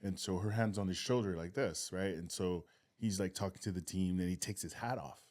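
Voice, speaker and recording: A man's voice: low voice, a little fast. A man co-hosting a family podcast, telling stories about his kids and acting out the moments. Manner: animated storyteller, acts out moments. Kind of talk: casual family podcast storytelling.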